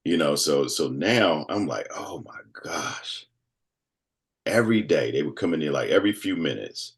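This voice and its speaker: Deep deep voiced guy in his 50s telling his story all animated, does little voices for people. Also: brisk. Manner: animated storyteller who acts out quoted voices. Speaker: guest. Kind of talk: casual storytelling conversation.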